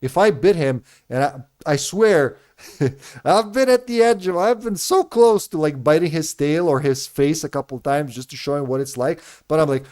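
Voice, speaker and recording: A man's voice: on the high side, expressive, normal speed, darkish tone. A man in his thirties, a game streamer whose first language is not English, chatting candidly with his live viewers and addressing them by name. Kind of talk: casual chat with live viewers.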